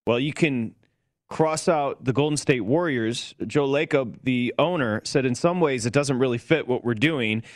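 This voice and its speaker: A man hosting a sports radio show, giving quick updates and chatting casually with his co-host. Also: mid-range voice, no room sound, studio quality. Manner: conversational, reads updates, laughs easily.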